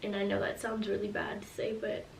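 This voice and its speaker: A woman's voice: mid-range voice, monotone, a little fast, vocal fry, echoey room, far from the mic, a little hiss or hum, rough recording. A woman in her twenties telling her pregnancy story in a casual storytime vlog, earnest and reflective as she speaks openly about hard times. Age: 20s.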